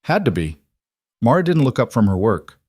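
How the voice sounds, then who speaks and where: A man narrating a scripted story in a measured, even storytelling manner. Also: medium pitch, breathy edge, no echo, clean studio sound.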